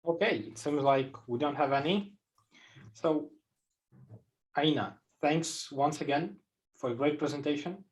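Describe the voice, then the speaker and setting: A man's voice: a little high, a little slow, long pauses, rough recording. A man hosting an online event, moderating questions with short remarks and fillers. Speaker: event host.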